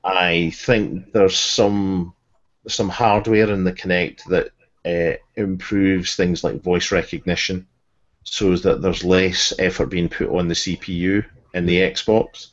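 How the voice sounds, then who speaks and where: Very deep-voiced man explaining. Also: flat delivery, dull audio. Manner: measured, explanatory, many restarts. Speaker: podcast co-host, resident expert. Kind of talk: casual group chat.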